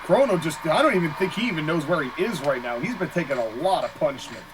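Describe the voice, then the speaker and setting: Excitable male play-by-play caller with a bouncy, animated delivery, recorded with a lot of background noise. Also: a little high. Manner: excitable, quick to laugh, exclaims at big moves. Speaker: play-by-play commentator. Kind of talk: casual play-by-play commentary.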